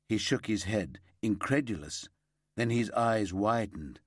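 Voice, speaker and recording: A man narrating a crime thriller audiobook in a steady, lively storytelling manner on a close mic. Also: lowish voice, unhurried, no echo.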